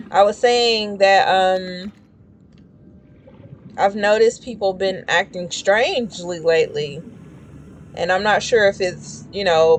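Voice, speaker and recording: A woman chatting casually while streaming a game, rambling and shrieking when startled. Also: medium pitch. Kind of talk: casual gameplay commentary.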